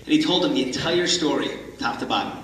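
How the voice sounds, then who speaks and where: Guy telling a story at a conference, lively, really echoey hall, mic kinda far off. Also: mid-range voice, fast talker. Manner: animated storyteller, acts out the characters. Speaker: speaker at a religious conference. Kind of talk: storytelling talk.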